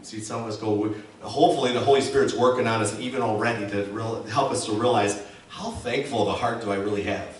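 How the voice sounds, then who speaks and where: In a church sanctuary, heard from far off amid the hall's echo, a man preaching as pastor forcefully calls on the congregation to say his words back. His pitch is fairly low and his intonation fairly even; he moves quickly, and there's a slight hiss or hum.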